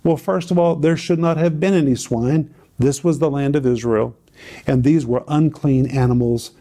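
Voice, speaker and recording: Emphatic male Bible teacher, mellow tone. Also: a little high, normal speed. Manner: emphatic, dramatic storytelling with repeated phrases.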